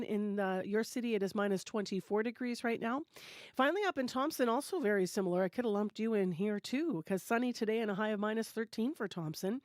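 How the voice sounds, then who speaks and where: Woman, morning radio host, casual, dry studio sound, mid pitch. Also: dry recording. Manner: relaxed, filler-heavy delivery. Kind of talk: live radio hosting and weather. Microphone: studio microphone.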